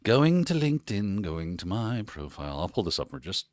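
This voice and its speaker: A man hosts a casual livestream at his desk mic and talks with lively, swinging pitch. He is energetic and encouraging, restarts often and tags his points with "right?". The sound is close and dry. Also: normal speed, few pauses, no echo. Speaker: host.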